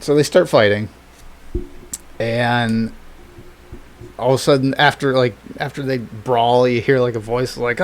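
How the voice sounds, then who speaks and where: A man in easy, casual conversation, his pitch sitting in the middle for a man. He tells the story with plenty of swearing and laughs, and jumps up loud and high whenever he acts out a surprised reaction. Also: fairly even intonation, normal speed, pauses often. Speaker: podcast co-host. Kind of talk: casual chat.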